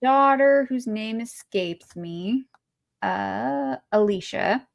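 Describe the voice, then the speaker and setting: A woman's voice: fairly high pitch, takes it slowly, creaky. Rambling woman chatting about a movie. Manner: chatty, rambling with fillers and restarts. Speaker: podcast co-host. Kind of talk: casual movie chat.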